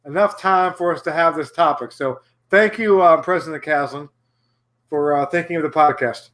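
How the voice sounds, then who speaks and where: A man's voice: on the high side, sharp tone. A man co-hosting a casual sports podcast, rambling and restarting his sentences. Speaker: podcast co-host.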